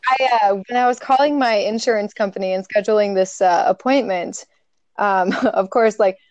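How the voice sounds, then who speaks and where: A woman's voice: medium pitch, moderate pace, no room sound. A young adult woman co-hosting a podcast in casual chat, talking candidly, swearing freely and laughing often. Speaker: podcast co-host.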